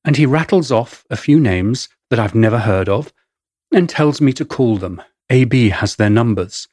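A man with an English accent narrates his own memoir in a wry, measured storytelling manner. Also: medium pitch, a little mellow, dry recording, studio quality. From England. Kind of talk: first-person memoir narration.

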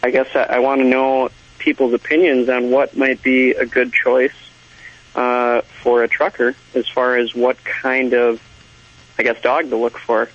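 A male trucker from Minnesota calling in, speaking in a hesitant, halting way. The sound is dull and lo-fi, like radio audio. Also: medium pitch, little pitch movement. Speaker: caller, trucker. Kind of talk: radio call-in.

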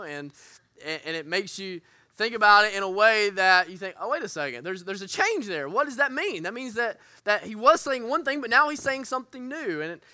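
A man's voice: high-pitched, sharp tone, no echo, clean studio sound. A man teaching a church group as their pastor, earnest and candid, often restarting his sentences. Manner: earnest, candid, self-deprecating with frequent restarts.

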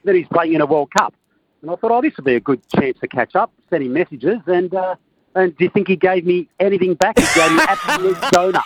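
A man's voice: high voice, fast, rough recording. An Australian man calling in to a podcast, ribbing a friend with a cheeky story. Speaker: caller. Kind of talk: casual phone call.

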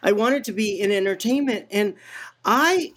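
A man's voice: high voice, animated, moderate pace, a bit bright. A man from San Antonio, Texas, a celebrity impressionist, telling stories as an interview guest in a breezy, self-mocking way. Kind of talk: casual interview chat.

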